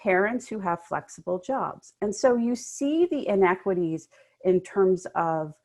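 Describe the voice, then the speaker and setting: A woman law professor giving fast, emphatic remarks on a panel. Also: medium pitch, expressive, a little mellow.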